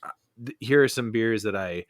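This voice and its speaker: A man's voice: fairly low pitch, normal speed, no room sound, studio quality. A man hosting a casual podcast chat about beer, laughing often and talking with plenty of fillers and restarts. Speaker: podcast host. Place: Chicago area.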